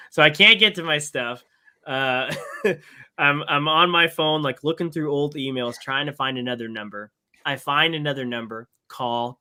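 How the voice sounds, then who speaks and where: A man on a podcast casually telling an animated story, acting out both sides of a conversation. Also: medium pitch. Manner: animated anecdote with quoted exchanges. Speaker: podcast co-host.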